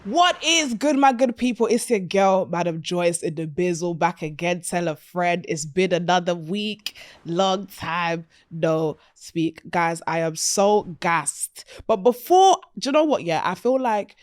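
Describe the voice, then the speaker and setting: A woman hosting a podcast interview in an upbeat, playful manner full of slang and shout-outs. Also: fairly low pitch, lively intonation, moderate pace, hardly any pauses, no room sound. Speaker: podcast host. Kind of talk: lively interview chat.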